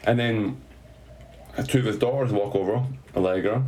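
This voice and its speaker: A man's voice: fairly low pitch, moderate pace, darkish tone. A man telling a story in a casual chat, swearing, laughing and mocking himself. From Scotland.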